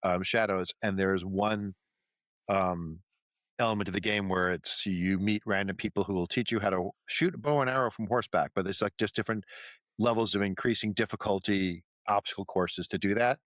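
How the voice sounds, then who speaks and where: A man's voice: on the low side, no room sound. A man, chatting casually as a podcast co-host and telling stories with lots of restarts and laughs. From Brooklyn, New York. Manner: animated storyteller, quick to laugh, lots of restarts. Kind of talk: casual chat.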